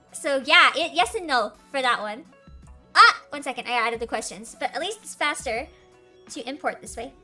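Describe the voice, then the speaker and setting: Giggly bright-voiced young woman streamer. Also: high voice, animated, a little slow, pauses often. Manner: giggly, chatty, says "like" a lot. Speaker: streamer hosting a Q&A. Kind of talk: casual livestream chat. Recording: faint background music.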